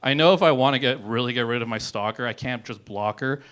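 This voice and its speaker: A man's voice: mid-range voice, quick pace, fairly bright tone, clear, resonant tone. A young man doing a stand-up set, rambling and swearing, laughing at his own jokes. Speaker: comedian.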